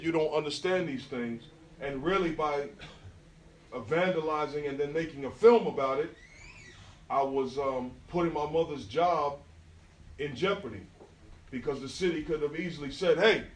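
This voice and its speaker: Speaking at a moderate pace with a fairly high pitch, a middle-aged guest speaker from New York, USA, gives an artist talk built on lively stories, using street slang and his New York accent while often checking on the audience. The indoor venue sounds echoey, since a phone recorded from across the room.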